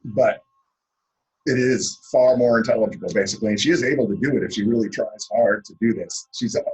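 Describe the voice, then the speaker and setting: A man giving a classroom lecture, explaining at a relaxed pace with lots of "uh" fillers. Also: medium pitch, brisk, low-quality recording.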